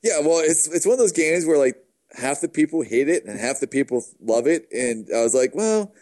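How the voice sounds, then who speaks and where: A man's voice: on the high side, fairly quick, darkish tone. A man co-hosting a casual gaming chat, easygoing and meandering, often correcting himself. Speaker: podcast co-host.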